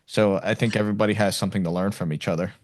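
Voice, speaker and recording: A man's voice: fairly low pitch, fairly even intonation, racing, no echo. A man hosting a podcast, chatting casually in an easygoing, agreeable way and often repeating words. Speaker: podcast host.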